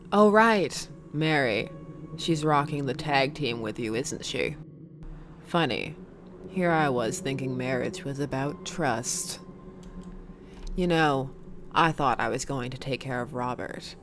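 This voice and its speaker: A woman doing a low taunting cult-leader dad. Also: heavily acted. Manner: low, taunting, mock-casual. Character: menacing sly male cult leader dad.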